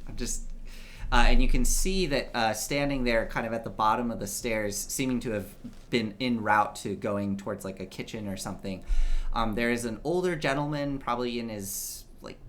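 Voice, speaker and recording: A man's voice: mid-range voice, normal speed, a bit bright, slight background noise. A man running a tabletop game as game master, narrating in a loose, chatty way full of fillers.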